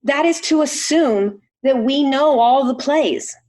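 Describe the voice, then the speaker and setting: A woman's voice: high voice, takes it slowly, darkish tone. Earnest middle-aged woman telling a story. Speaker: chiropractor guest. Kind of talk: casual conversation.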